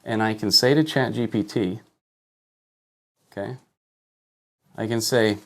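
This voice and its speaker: A man's voice: fairly low pitch, measured pace. Emphatic man coaching with rhetorical questions. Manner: emphatic, rhetorical questions, frequent "okay?" and "look at this". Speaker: online business coach. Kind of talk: live-streamed marketing lesson.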